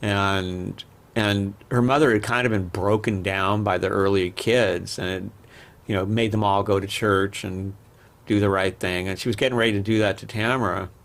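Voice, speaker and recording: A man's voice: lowish voice, fairly even intonation, normal speed, a bit bright. A man, a podcast guest, telling rambling personal stories in a candid, casual way with frequent restarts. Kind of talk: casual interview storytelling.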